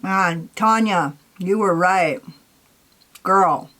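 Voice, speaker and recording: Give me a young woman with a slightly low voice chatting candidly through a makeup tutorial. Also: very slow, a bit bright, faint music behind. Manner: chatty and candid, swears casually, lots of "like". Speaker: beauty vlogger. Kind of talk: casual makeup tutorial chat.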